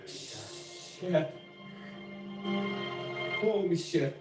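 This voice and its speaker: A man streaming his live reaction to a show. His voice sits a touch high and he talks slowly, gushing and cursing. He sounds far from the mic in a very echoey room, with music clearly playing behind him. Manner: excitable, swearing, gushing, laughing often.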